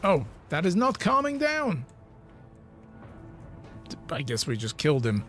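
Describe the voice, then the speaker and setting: A man streaming a video game, reacting excitedly and reading in-game text aloud. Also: fairly high pitch, a little slow, soft background music. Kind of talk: let's play commentary.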